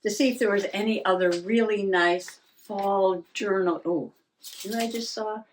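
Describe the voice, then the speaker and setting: A woman's voice: medium pitch, steady tone, normal speed, a little hiss or hum. An older woman vlogging in a rambling, self-mocking way, laughing often and a little out of breath. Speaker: journaling vlogger. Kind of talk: casual chat.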